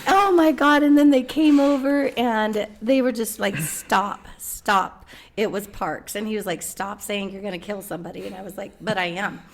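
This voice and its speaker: High-voiced woman telling a laughing story. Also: normal speed. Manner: laughing, animated retelling with profanity. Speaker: podcast co-host. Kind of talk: casual storytelling chat.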